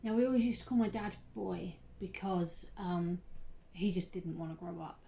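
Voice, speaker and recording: A woman's voice: on the low side, normal speed, creaky, mellow. A chatty, bubbly young woman who laughs a lot and says "um" often, hosting a casual crafting tutorial vlog. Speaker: craft channel host.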